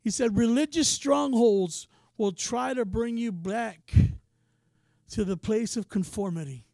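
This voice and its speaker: A man preaching a sermon in a casual, passionate way, often saying "man" and swinging from quiet talk to shouting. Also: high-pitched, unhurried, creaky, no room sound, clean studio sound.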